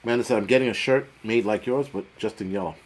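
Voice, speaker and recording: A man's voice: on the low side, slight background noise. A middle-aged man hosting a casual livestream, chatting with viewers in a rambling, profane, joking way. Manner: profane, rambling, jokey, quick swings in loudness. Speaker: livestream host. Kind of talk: casual livestream chat reading viewer comments.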